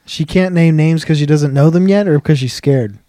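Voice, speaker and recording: A man on a casual podcast who chats calmly and throws in short, dry one-liners. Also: moderate pace, no room sound. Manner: dry, low-key quips. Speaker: podcast co-host. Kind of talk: casual chat.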